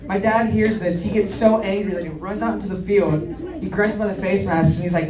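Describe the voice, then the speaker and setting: A man in his twenties tells self-deprecating stories in a high, animated voice. He is heard from a distance in an echoey comedy club, with the crowd laughing loudly around him. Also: fairly quick. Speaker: stand-up comedian. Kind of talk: stand-up comedy storytelling. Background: audience laughter.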